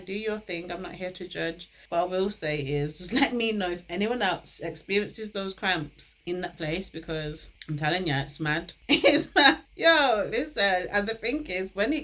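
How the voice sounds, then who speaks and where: A woman's voice: lowish voice, normal speed, hardly any pauses, fairly bright tone, rough recording. A young woman, hosting a casual talk. She is chatty, laughs often and uses slang. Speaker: host.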